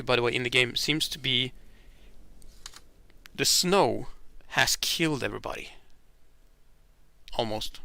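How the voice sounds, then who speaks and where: A man playing a board game alone, reading the rules and story cards aloud and thinking out loud with hesitant restarts. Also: medium pitch. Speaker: board game player demonstrating a game.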